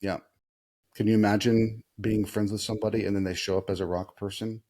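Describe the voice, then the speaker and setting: A man with a fairly low, warm, mellow voice hosts a relaxed movie chat. He speaks easily, quizzes the kids with questions, and often pauses with "uh" as he thinks. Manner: easygoing, asks kids questions, many "uh" pauses. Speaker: podcast host talking with kids.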